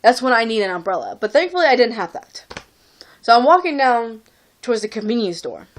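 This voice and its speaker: A young woman from Texas vents a story straight into her phone camera, rambling and exasperated. Her voice sits a little high for a woman, and she strings her thoughts together with plenty of "like.". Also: very animated, a little fast. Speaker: vlogger.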